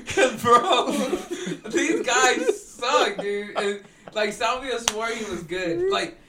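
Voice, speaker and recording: A man's voice: very high-pitched, animated, slow, a loud crowd. A young man telling work stories with friends in a casual podcast chat, rowdy and swearing, often laughing. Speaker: podcast co-host.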